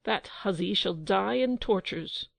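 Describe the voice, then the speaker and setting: A woman reading the part of a pompous, quick-tempered tyrant king who roars his orders. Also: medium pitch, creaky, dry recording. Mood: furious. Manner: roaring, pompous.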